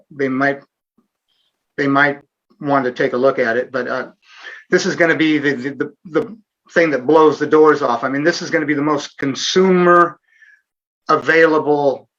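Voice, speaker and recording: A man's voice: medium pitch, pushed and bright, lo-fi sound. A middle-aged man hosting a live online Q&A, talking earnestly with sarcastic asides and frequent fillers. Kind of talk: casual livestream interview.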